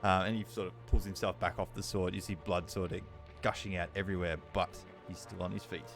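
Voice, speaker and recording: Deep-voiced man running a tabletop game. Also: flat delivery, brisk, gravelly, music in the background. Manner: loose, hesitant narration with many fillers. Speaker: dungeon master.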